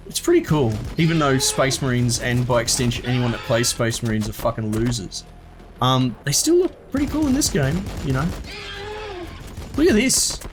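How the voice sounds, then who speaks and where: A young Australian man giving casual, excitable gameplay commentary, swearing and talking back to the units on screen. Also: mid-range voice, a little hiss or hum. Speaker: gameplay streamer.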